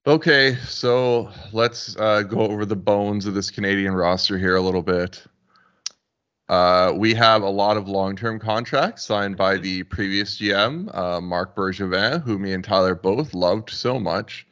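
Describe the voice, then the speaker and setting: Man co-host, joking sports banter in quick bursts, bright voice, slightly muffled recording. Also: fairly low pitch. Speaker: podcast co-host. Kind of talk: casual sports chat. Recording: dull lo-fi sound.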